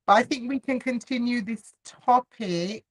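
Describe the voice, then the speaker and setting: A woman's voice: a little high, unhurried, husky. A woman co-hosting a casual live stream chat, speaking frankly and earnestly and laughing easily. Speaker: co-host.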